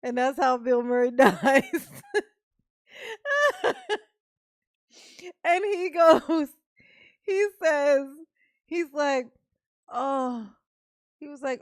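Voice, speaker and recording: Woman reaction host, higher voice, dry close sound, animated and loose-mouthed. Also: drawn-out words, pauses often, dry recording. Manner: animated, laughing, swearing freely. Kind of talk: casual reaction commentary.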